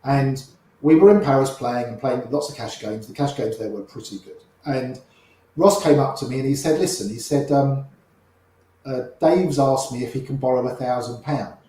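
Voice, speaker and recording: A man's voice: medium pitch, normal speed, warm tone. Chatty older man telling stories, echoey room. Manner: chatty, acts out quoted voices in his tales. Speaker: guest storyteller. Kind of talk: casual anecdote telling.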